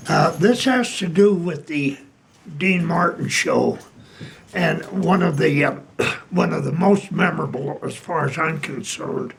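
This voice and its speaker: An older man, a retired piano player, telling old stories slowly with many pauses and fillers. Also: a little high, vocal fry, slight background noise. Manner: slow, halting storytelling with many fillers. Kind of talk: casual anecdote.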